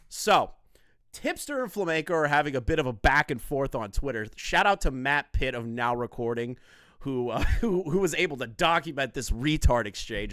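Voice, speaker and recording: Animated, foul-mouthed male streamer. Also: mid-range voice, no room sound, studio quality. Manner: crude, profane, mocking, excitable. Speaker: drama commentary streamer. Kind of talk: casual live-stream commentary.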